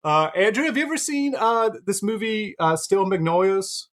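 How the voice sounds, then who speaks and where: Lively joking male podcast host. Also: high-pitched. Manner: teasing, joking, quick interruptions. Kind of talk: casual film podcast chat.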